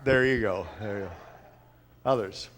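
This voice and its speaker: Chatty, halting man pastor. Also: on the low side, fairly bright tone. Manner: chatty, halting, with frequent restarts and "uh". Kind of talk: informal sermon with congregation sharing. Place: church sanctuary.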